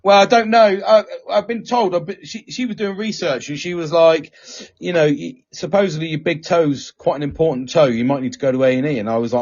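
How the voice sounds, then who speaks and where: A man telling a story in casual chat as a podcast host, animated and swearing a lot. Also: a little high, brisk. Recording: dull lo-fi recording.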